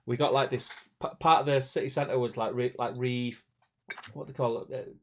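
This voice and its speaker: A man's voice: mid-range voice, steady tone, normal speed. A man, co-hosting a casual live stream. He rambles, restarts his sentences and laughs often. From Manchester, England. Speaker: co-host of a tabletop wargaming stream.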